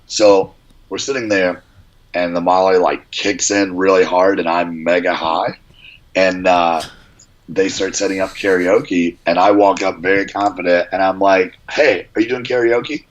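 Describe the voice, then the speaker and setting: A man's voice: deep voice, flat delivery, unhurried, dull audio. A man guesting on a podcast, telling a story in a dry, laid-back way. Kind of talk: casual storytelling.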